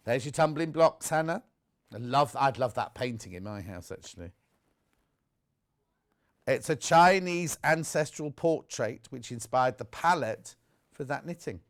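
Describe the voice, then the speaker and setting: A man presenting on a live TV shopping show, chatty and excitable, jumping between asides. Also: mid-range voice, measured pace. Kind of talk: live TV sales chat. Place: TV studio.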